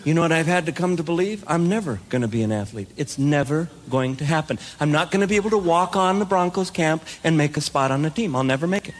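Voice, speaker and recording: A man's voice: on the high side, lively intonation, fast talker, hardly any pauses. A man telling self-deprecating comic stories with playful punchlines to a live audience. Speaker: comedic speaker. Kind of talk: stand-up storytelling.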